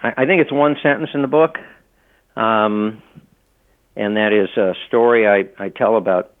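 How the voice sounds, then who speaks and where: This is a middle-aged man, an author and law professor, guesting on a casual interview at a moderate pace. His fairly low voice drifts through stories with plenty of fillers and restarts, and the phone-line audio sounds thin and tinny.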